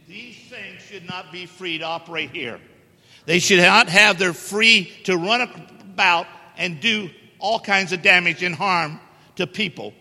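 A middle-aged man preaches with a high, sharply bright voice, pressing his points hard and teasing the congregation. The sound rings with long church hall reverb. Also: a little slow. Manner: emphatic, joking with the congregation. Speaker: guest preacher. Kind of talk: sermon. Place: church sanctuary.

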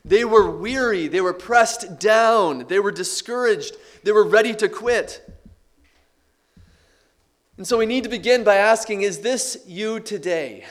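A man's voice: sits high, measured pace. A man preaching a sermon as a pastor, stretching out key phrases for emphasis.

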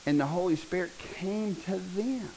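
A middle-aged man preaching a sermon, joking and building to loud bursts. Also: high-pitched, unhurried, a little hiss or hum, poor audio. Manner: animated, joking, preaching with rising bursts and laughter.

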